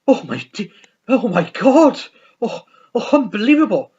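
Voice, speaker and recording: A man's voice: sits high, sing-song, a little slow, darkish tone, slightly rough, pitched above the performer's own voice, heavily acted. A man voicing a male shop manager, squealing in outrage. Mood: shocked, shrill. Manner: shrieking, scandalised. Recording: dull lo-fi recording.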